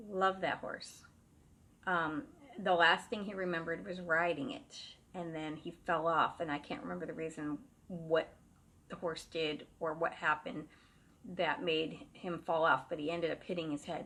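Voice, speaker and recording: A woman's voice: low voice, fairly even intonation, a little slow, fairly bright tone. A woman telling a true ghost story in a casual, rambling way, full of fillers and restarts. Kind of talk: casual first-person storytelling.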